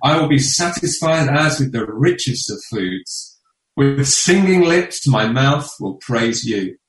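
A man reading scripture aloud in a church in a measured, solemn way. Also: mid-range voice, expressive. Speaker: scripture reader. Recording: echoey room, far from mic.

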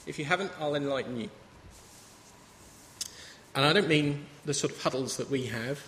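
A man in his thirties preaches a sermon and tells stories in a conversational way. His voice sits a little high. The hall has a long reverb and a faint ambient hum behind it. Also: moderate pace, a bit bright.

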